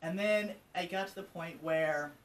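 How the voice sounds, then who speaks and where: A man's voice: a little high, a little slow, fairly bright tone, recorded from a distance, poor audio. A man of almost fifty from Colorado, a trans advocate, talking openly as an interview guest, loose and chatty with lots of ums and asides. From Colorado, USA. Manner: open and conversational, many ums and asides. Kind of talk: candid personal storytelling. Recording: from slightly off mic with faint ambient noise.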